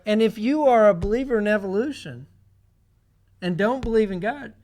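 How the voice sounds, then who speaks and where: A man giving a creation science lecture in a church, animated and sarcastic in his asides. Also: high voice, normal speed. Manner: animated, sarcastic asides, mocking quoted voices. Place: church sanctuary.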